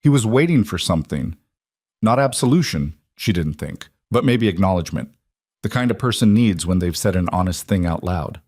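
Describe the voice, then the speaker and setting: A man reads a western romance aloud in calm, scripted narration. His voice is fairly low and sounds close and dry, with no room echo. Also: moderate pace.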